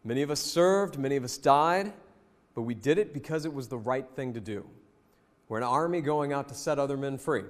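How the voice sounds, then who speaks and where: A man reciting a Civil War colonel's speech to his troops in a low, solemn, steady voice. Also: big-room sound, natural voice.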